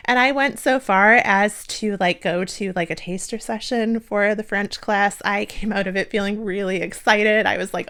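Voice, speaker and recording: Speaking at a normal pace with barely any pauses, this young vlogger from the US has a steady, clear, resonant voice that is medium in pitch and fairly bright. She chats casually to camera in a self-deprecating way, laughing a lot and leaning on "like."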